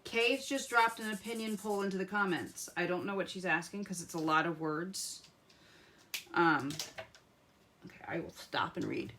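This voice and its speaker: A woman's voice: on the low side, moderate pace, pushed and bright, a little hiss or hum. A woman hosting a live craft tutorial, chatting to viewers as she colors and muttering to herself as she picks pens. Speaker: craft demonstrator.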